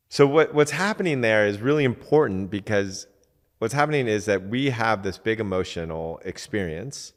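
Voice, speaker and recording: A man's voice: deep voice, big-room sound. A man talking casually as a relationship coach, full of fillers and acting out quoted back-and-forth exchanges. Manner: conversational, acts out quoted exchanges, many fillers. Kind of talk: casual teaching talk.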